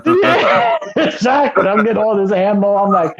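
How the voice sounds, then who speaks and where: A man co-hosting a casual podcast, animated and profane, acting out his own reactions as he retells a match. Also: sits high, normal speed, lo-fi sound, a crowd in the background. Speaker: podcast co-host.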